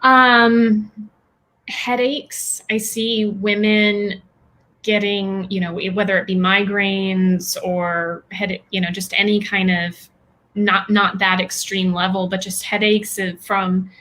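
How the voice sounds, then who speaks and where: A woman guest in a casual interview, speaking haltingly with many fillers and restarts and light laughs between phrases. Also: medium pitch, flat delivery, sharp tone. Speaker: guest, women's health practitioner.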